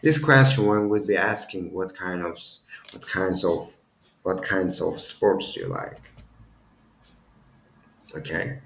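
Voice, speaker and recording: Slow, gravelly low-voiced male teacher. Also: very animated, a bit bright, reverberant, slight background noise. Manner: halting, many restarts and self-corrections. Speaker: language teacher. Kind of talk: casual language lesson.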